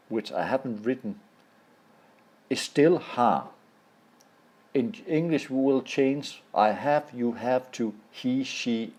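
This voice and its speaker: Slow, halting Danish-accented man teaching. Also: medium pitch, a little mellow. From Denmark. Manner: halting, pausing often to find words. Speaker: language teacher. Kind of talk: explaining a lesson over slides.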